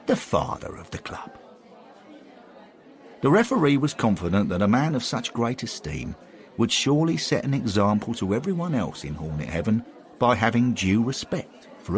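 Guy reading a funny story, low-ish voice, pitch jumping all over. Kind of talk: scripted comic story narration.

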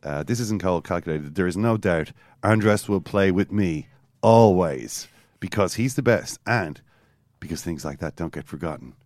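A man hosting a podcast, telling a football story with animated, storytelling energy and reading quotes aloud. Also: low voice, normal speed, no echo, studio quality. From Ireland. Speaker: podcast host. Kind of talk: casual football chat.

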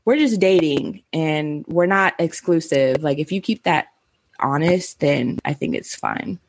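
A woman in her thirties chatting on a casual podcast with a lower pitch than most women. She rambles, leaning on "like" and laughing often as she talks. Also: measured pace. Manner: rambling, heavy "like" filler, frequent laughter. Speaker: podcast co-host. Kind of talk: casual chat.

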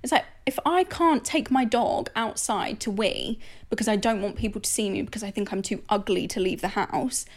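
A woman's voice: mid-range voice, moderate pace, few pauses. A woman in her twenties co-hosting a podcast, talking candidly and often laughing through confessional chat. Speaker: podcast co-host. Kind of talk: casual chat.

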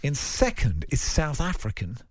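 A man's voice: mid-range voice, wildly swooping pitch, moderate pace. A man co-hosting a radio show, joking and reading out listener texts. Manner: jokey, reads listener texts aloud. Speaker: radio co-host. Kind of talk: bantering radio chat.

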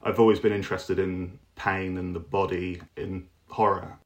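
A man with a very low voice talks about his writing in a musing, thoughtful way. He circles around his ideas with little fillers and repeats. The tone is reflective interview talk. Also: little pitch movement, normal speed, highs cut off. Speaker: author, interview guest.

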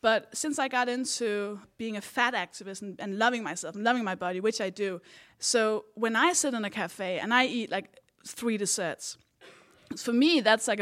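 A woman co-hosting a live comedy show, telling an animated stand-up story and laughing along as she goes. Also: medium pitch. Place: live comedy venue with audience.

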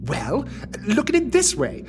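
An awkward ex-convict intern. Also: male voice, very high voice, a little slow, full character voice. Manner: hesitant, deadpan.

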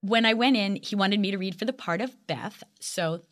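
A woman in her sixties, an actress and guest, chatting animatedly and telling lively stories in a casual interview. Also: mid-range voice, moderate pace.

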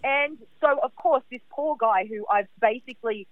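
A woman caller telling a personal story in an animated, chatty way, heavy on fillers. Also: on the high side, normal speed, no echo. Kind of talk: casual storytelling. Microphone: phone. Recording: tinny phone line.

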